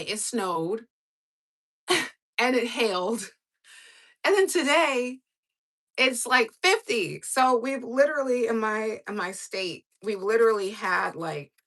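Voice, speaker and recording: Casual livestream host: a woman with a bright, sharp voice who rambles and fills her talk with "like" and "um". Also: on the high side. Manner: rambling, with many fillers; chats with viewers while doing her nails.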